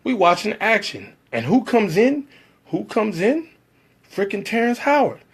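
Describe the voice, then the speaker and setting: A man's voice: sits high, big pitch swings, normal speed, slightly rough. A man telling a personal story about working as a background actor, acting out the other people's lines in shifting voices.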